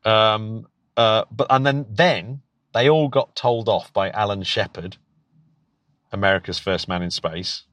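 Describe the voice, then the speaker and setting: A man's voice: fairly low pitch, unhurried, a bit bright, no room sound. A British man, a podcast co-host and teacher, chatting casually and eagerly with frequent restarts and laughs. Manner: enthusiastic, stumbling restarts, laughs often. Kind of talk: casual chat.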